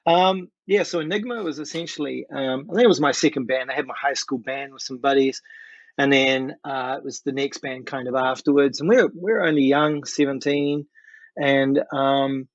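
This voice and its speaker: A middle-aged man with a New Zealand accent, a guest musician telling a story in a lively, animated way. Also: medium pitch, moderate pace, dry recording. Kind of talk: casual storytelling. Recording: dry, dull lo-fi sound.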